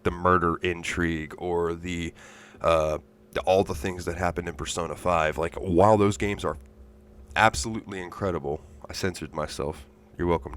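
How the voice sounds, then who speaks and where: A man's voice: sits low, fairly bright tone, clean tone. A man giving a recorded game review for a podcast, chatty and rambling, with lots of fillers.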